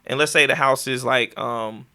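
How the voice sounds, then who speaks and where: A man's voice: medium pitch, fairly even intonation, normal speed, pushed and bright. A man co-hosting a casual podcast interview, prompting the guest with questions and playful asides. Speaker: podcast co-host.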